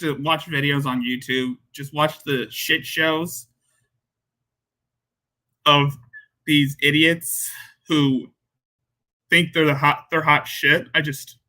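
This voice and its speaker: Slow, bright-voiced mocking commentator. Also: male voice, little pitch movement. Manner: mocking and sarcastic, with jumpy high exclamations. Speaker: commentary host. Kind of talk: reaction commentary.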